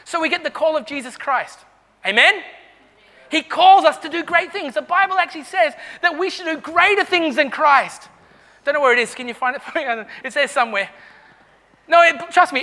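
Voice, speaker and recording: A man preaches with fervour, calling out to his congregation. His voice sits very high and sounds bright and forceful. A long reverb trails his words around the church hall. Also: brisk. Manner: fervent, calls out to the congregation. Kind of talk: sermon.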